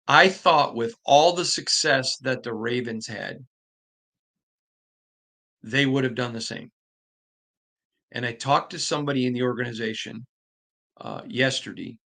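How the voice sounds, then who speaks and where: A man hosting a sports podcast, telling stories in an animated, conversational way with frequent restarts. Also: mid-range voice. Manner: animated storytelling with repeated restarts. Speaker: podcast host. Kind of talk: casual podcast monologue.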